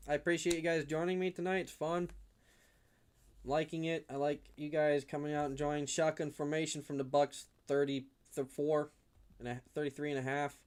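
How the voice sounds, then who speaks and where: A young man giving casual fan play-by-play on a livestream from his room at home, rambling and prone to getting worked up. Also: on the high side. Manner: rambling, gets worked up and shouts at big hits.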